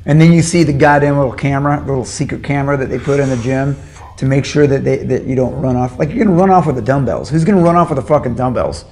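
Crude, boastful rock singer. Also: male voice, mid-range voice, quick pace, a little mellow. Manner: crude, boastful, mock-serious. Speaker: band's singer. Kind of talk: joking backstage interview. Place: backstage at a venue.

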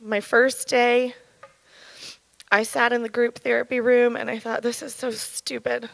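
A woman in her thirties giving an earnest, halting personal testimony at church, her voice shaken with emotion. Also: on the high side, little pitch movement, vocal fry, dry recording, poor audio. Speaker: church speaker sharing testimony.

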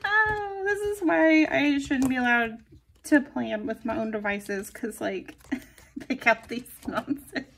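Giggly high-voiced woman crafting. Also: takes it slowly, vocal fry. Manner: chatty and giggly, drifting into soft murmurs while crafting. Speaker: planner vlogger. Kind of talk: casual plan-with-me narration.

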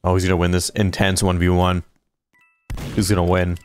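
A man livestreaming a video game, chatting casually and reacting out loud as he plays. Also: deep voice, flat delivery, moderate pace, faint music behind. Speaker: gaming streamer. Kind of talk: casual live gameplay commentary.

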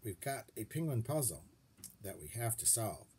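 A man reading a children's book aloud and voicing a brisk, bold female science teacher, his voice raised and firm. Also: on the low side, big pitch swings, a little mellow, husky, heavily acted.

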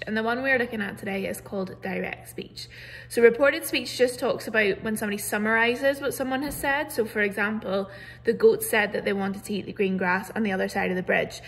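A woman's voice: fairly high pitch, fairly bright tone. A woman teacher, patiently explaining a grammar lesson over a computer mic with many "so"s and "um"s. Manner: clear, patient explaining with frequent "so" and "um". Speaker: primary school teacher. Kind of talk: recorded online grammar lesson.

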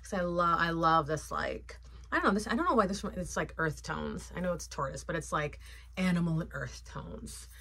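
A woman's voice: low voice, moderate pace, creaky, bright, forceful tone, breathy edge. A woman vlogger chatting casually and playfully, with lots of fillers, about her sunglasses collection. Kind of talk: casual haul chat.

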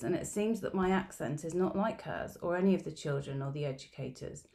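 A middle-aged woman reads her research notes aloud as a story, measured and reflective. Her voice sits low, with a gravelly edge of fry and a dark, mellow tone. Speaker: education researcher presenting at a symposium. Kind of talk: reading a field-note narrative aloud.

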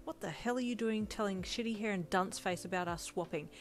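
A woman narrator reads out a bossy, hot-tempered teenage boy from a storybook, full of insults and threats. Her voice stays near its middle pitch as she does it. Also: a little fast, faint music behind, close to an everyday voice. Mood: angry.

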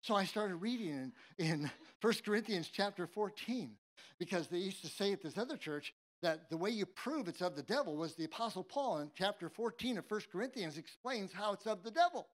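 A man's voice: high-pitched, lively intonation, a little fast. A man from San Jose, California, preaching a sermon and telling a personal story with humor and many restarts. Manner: humorous, tongue-in-cheek storytelling; conversational, with frequent restarts.

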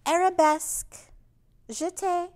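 A woman's voice: very high-pitched, fairly even intonation, slow pace, darkish tone, voice pushed up. A woman playing a prim, gracious ballet teacher in a storybook read-aloud, speaking formally and giving commands.

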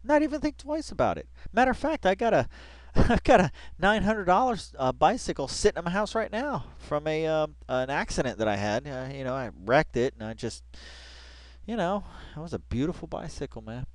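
A man hosting a casual reaction video at home on a headset mic, excitable and laughing, tossing "dude" into nearly every line. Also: a little high, moderate pace, no room sound. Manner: excitable, says "dude" constantly, breaks into laughter.

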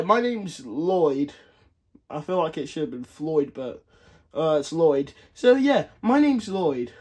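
A goofy young hero, played by a man in a homemade comedy movie. He rambles chattily to the viewer in a high voice, full of fillers. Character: goofy young male hero who breaks the fourth wall.

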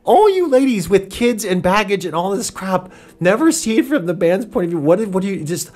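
A man's voice: high voice, sing-song, moderate pace, a little mellow. A man hosting a reaction commentary show, talking in a sarcastic, exasperated way and addressing people as ma'am. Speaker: commentary channel host.

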